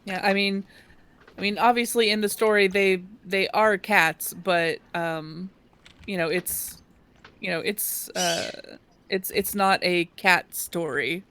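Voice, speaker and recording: Halting, laughing woman co-host. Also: mid-range voice, fairly even intonation, a bit bright, slight background noise. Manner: halting, restarts, laughs easily. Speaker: co-host reading viewer questions. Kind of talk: casual livestream chat.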